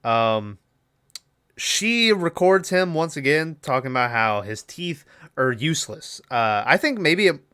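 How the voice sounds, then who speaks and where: A man's voice: fairly high pitch, sing-song, unhurried, pushed and bright, clear, resonant tone. A young man co-hosting a podcast, casually recapping a movie in a rambling, profane way and acting out its lines. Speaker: podcast co-host.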